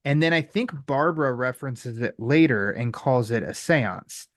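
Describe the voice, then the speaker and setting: A man's voice: mid-range voice, lively intonation, moderate pace, dry recording, clean studio sound. Easygoing man hosting a podcast. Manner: loose and conversational, many likes and you-knows. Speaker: podcast host. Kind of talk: casual podcast chat.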